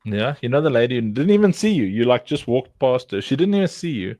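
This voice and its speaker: A man's voice: medium pitch, sing-song, quick pace, warm tone, no room sound. A man hosting a livestream, joking and teasing his guests in casual group chat. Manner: joking, teasing, laughs often. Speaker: livestream host.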